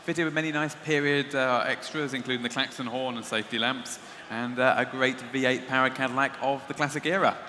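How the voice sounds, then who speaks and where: A man's voice: mid-range voice, steady tone, brisk, sharp tone. A man presenting lots at an auction, describing each one with frequent hesitant fillers. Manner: hesitant, many uh fillers between descriptive phrases. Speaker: lot presenter. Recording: long reverb, faint background noise.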